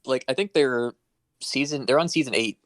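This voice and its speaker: A man's voice: mid-range voice, moderate pace, fairly bright tone, no room sound, studio quality. A man co-hosting a podcast, casually retelling video game scenes, swearing freely and chuckling. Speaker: podcast co-host. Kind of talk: casual chat about video games.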